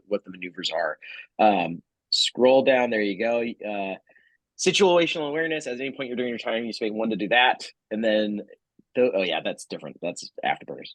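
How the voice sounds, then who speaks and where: A man's voice: lowish voice, no room sound, poor audio. A man playing a tabletop game, helpfully explaining where the rules are. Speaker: player.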